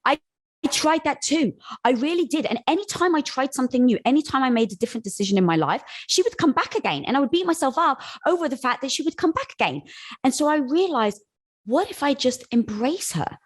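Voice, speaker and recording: A woman's voice: high-pitched, animated, a little fast, slightly rough. Casual, encouraging woman guest. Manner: casual and encouraging, calls the host "girl". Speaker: interview guest. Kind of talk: encouraging conversational advice.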